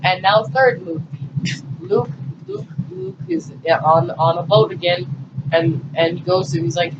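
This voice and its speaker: A man's voice: high-pitched, animated, measured pace. A teenage boy giving a goofy, profane movie recap, acting out characters in silly voices. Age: teens. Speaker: storyteller. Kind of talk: rambling comedic movie recap. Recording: distant muffled mic with loud noise.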